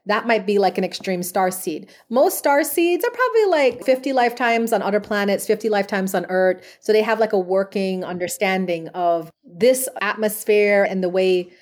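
A woman's voice: mid-range voice, moderate pace, hardly any pauses. A woman speaking as a podcast guest, telling stories about her work as a past life regression therapist in an earnest, chatty way with frequent fillers. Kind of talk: conversational interview answers.

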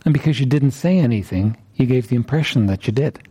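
A man's voice: mid-range voice, expressive, fast, dark tone, breathy edge. A man preaching an interactive sermon, repeatedly questioning his listeners with emphasis.

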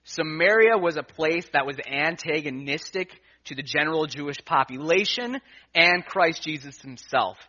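A pastor preaching from the pulpit, his voice a bit higher than most men's and bright, even forceful, at its core. He tells a personal story, acting out his own thoughts, and swings from hushed asides to emphatic points. The recording is dull and lo-fi. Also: moderate pace. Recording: dull lo-fi sound.

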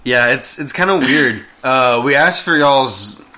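A man's voice: mid-range voice, expressive, unhurried, bright, forceful tone. A man co-hosting a casual podcast, teasing his friend in dry banter. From Tennessee. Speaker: podcast co-host. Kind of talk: casual chat.

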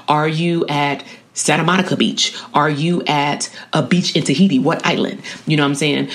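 An educator giving a casual spoken lesson on coping skills, talking in a slangy, conversational way and often checking in with the listener. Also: medium pitch. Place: at a college.

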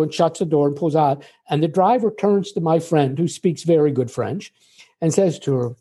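Mellow-voiced older American man telling stories. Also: on the high side, breathy edge. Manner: measured, explanatory, tells anecdotes. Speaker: guest. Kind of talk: conversational interview storytelling.

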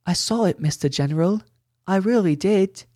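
A man's voice: high-pitched, moderate pace, dark tone, no echo, studio quality, pitched above the performer's own voice. A man voicing a small, eager little boy who speaks earnestly.

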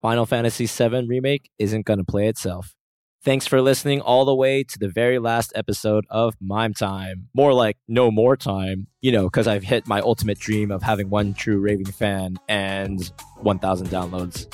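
Soft background music plays behind a man's low, slightly mellow voice, recorded close on a podcast mic. Hosting solo at a normal speed with fairly even intonation, he swings between self-mocking jokes and earnest talk.

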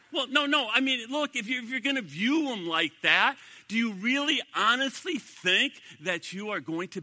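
Bright, high-voiced preaching man. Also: in a large hall. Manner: emphatic preaching, repeats key phrases. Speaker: pastor. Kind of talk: sermon.

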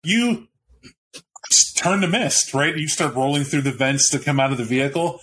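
A man's voice: on the high side, animated, moderate pace, a bit bright, a little hiss or hum. A man narrating a tabletop role-playing game as game master, in a casual, rambling way.

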